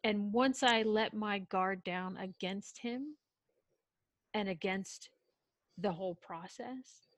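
A woman's voice: mid-range voice, slow, dry recording. A woman telling a personal story in casual chat, acting out quoted lines and often breaking off and restarting. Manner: animated, acts out quotes, self-interrupting.

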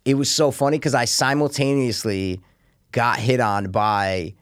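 A man's voice: medium pitch, steady tone, unhurried, clean tone, no room sound, studio quality. A young man on a podcast telling a rambling, profane story in casual chat, acting out the voices of the people in it. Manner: rambling, swears a lot, acts out quoted voices.

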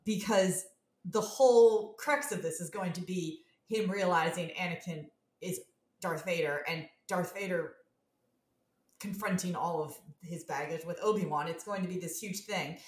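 A woman with a lower voice talks earnestly through her ideas in a casual fan discussion. Her voice rings with a noticeable room echo. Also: moderate pace. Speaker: podcast co-host. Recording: roomy echo.

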